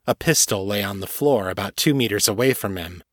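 A man's voice: on the low side, dry recording. Man narrating an audiobook, dry and close. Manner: steady, measured storytelling.

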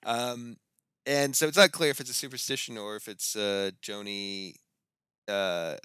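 A man's voice: lowish voice, steady tone, measured pace, bright, forceful tone, smooth, dry recording. A man co-hosting a podcast, chatting casually about a TV series with many fillers and laughs. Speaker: podcast co-host. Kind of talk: casual chat.

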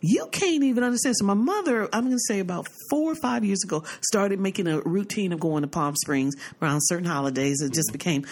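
A woman's voice: medium pitch, fast, hardly any pauses. A woman hosting a podcast, telling stories in a casual, emphatic way. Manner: animated storyteller, emphatic. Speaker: podcast host.

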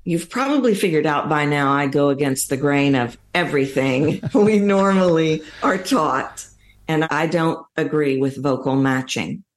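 A woman voice coach speaking as an interview guest, high-energy and dramatic in her delivery. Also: unhurried. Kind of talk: interview conversation.

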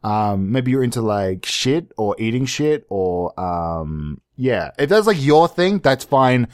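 A man hosting a podcast, ranting sarcastically in a profane, rambling comedic monologue, jumping into high mock-outraged bursts. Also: big pitch swings, slow, darkish tone, dry recording, clean studio sound. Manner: sarcastic, profane, tangent-prone. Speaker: podcast host.

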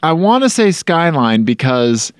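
A man's voice: on the high side, big pitch swings, unhurried, clear, resonant tone, dry recording, clean studio sound. Rambling, playful man podcast co-host. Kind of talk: casual chat.

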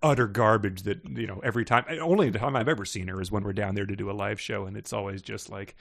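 A man's voice: on the low side, steady tone, fast, gravelly. A man co-hosting a comedy podcast, rambling and joking, laughing often, recording from his parents' house. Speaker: podcast co-host. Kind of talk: casual comedic chat. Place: parents' house in North Carolina.

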